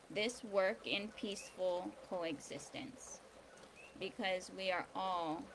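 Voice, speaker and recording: A woman hosting a daily video series, talking casually and hesitantly about law and spirituality, with many pauses and ums. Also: mid-range voice. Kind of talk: casual spiritual and legal talk. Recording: outdoor ambience with rain noise. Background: rain, birds.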